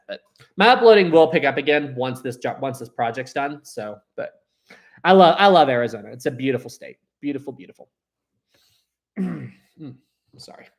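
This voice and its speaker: A young man hosting a casual live stream, rambling and animated, often restarting his sentences and reading viewer chats aloud. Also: medium pitch.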